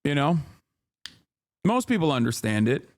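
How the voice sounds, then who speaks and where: A man streaming live, reacting to a clip and arguing his point in a heated, sarcastic way with quick restarts and fillers. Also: a little high, very animated. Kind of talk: casual stream commentary.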